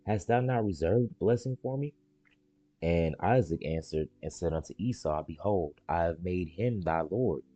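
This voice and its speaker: A man on a live stream reading the Bible aloud and explaining it in casual slang, repeating words and jumping into high excited voices for the characters. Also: no echo, highs cut off. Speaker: stream host reading scripture.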